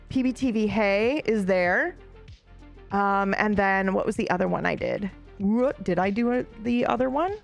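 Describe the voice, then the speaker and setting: Woman, live streamer, casual chat, giggly, bubbly, mid pitch, faint music underneath.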